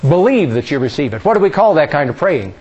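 A male preacher giving a sermon, questioning the congregation and drawing answers, dropping soft and low on key words. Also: sing-song, fast talker, slightly rough, highs cut off.

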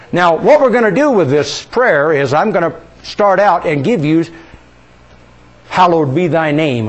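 Lively, high-voiced male preacher. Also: breathy edge. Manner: asks the congregation questions, leads them in reciting. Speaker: pastor. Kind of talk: sermon.

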